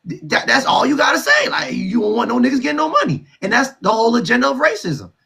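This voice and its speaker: A man hosting a live call-in show, mocking and loud, laughing between trash talk. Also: extremely high pitch, wildly swooping pitch, quick pace, gravelly, husky.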